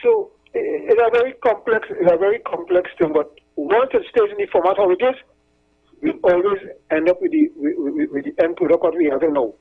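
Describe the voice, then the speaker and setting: A man's voice: high-pitched, big pitch swings, brisk, creaky, slightly rough. A man calling into a talk show, rambling and repeating himself as he tells stories. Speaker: caller. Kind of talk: casual call-in chat. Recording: tinny phone line.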